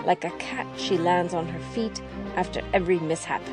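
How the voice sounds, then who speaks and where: A woman's voice: on the low side, brisk. A woman reading a scripted tribute with wry, dramatic phrasing. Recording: theme music under the voice.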